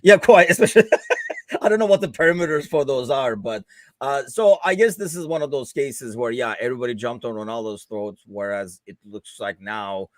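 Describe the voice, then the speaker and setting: A man's voice: medium pitch, animated, fairly quick, no room sound. Casual American male host, conversational and sarcastic, dry close-mic sound. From United States. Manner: conversational, sarcastic, laughs easily. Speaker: podcast host. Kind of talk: casual football chat.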